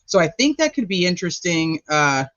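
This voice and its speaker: A man's voice: high-pitched, sing-song, a little fast, a bit bright, no room sound, lo-fi sound. A man hosting a true crime channel, talking through his notes in a chatty, rambling livestream style. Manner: chatty, rambling, thinking aloud while checking notes. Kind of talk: casual livestream commentary.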